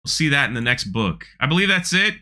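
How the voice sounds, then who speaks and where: A man's voice: on the high side, big pitch swings, quick pace, pushed and bright. A man hosting his channel, giving sarcastic, ranting commentary on a trailer with frequent restarts. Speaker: channel host.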